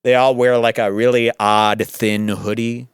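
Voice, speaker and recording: A man hosts a show and mocks a video clip in a rambling, sarcastic way, full of jokes and tangents. His voice sits at an ordinary middle pitch. It is recorded close and dry, with no room sound. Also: flat delivery, measured pace, smooth, no echo. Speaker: podcast host. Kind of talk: mocking commentary on a video clip.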